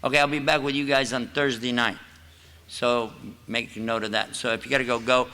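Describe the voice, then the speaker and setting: A man's voice: mid-range voice, little pitch movement, fairly quick, pushed and bright. An older man from the United States giving an Islamic lecture in a mosque, a folksy, joking storyteller with casual asides. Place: mosque hall. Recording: echoey hall.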